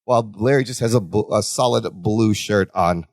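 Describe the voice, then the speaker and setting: A man's voice: lowish voice, moderate pace, darkish tone, dry recording, clean studio sound. A man co-hosting a podcast, playfully recapping a sitcom episode and mimicking the characters' voices. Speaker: podcast co-host. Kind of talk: casual chat recapping a sitcom.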